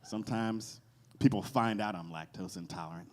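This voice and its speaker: A man doing a stand-up comedy set in a cafe, animated, jumping into loud character voices. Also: fairly low pitch, normal speed. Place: cafe stage with live audience.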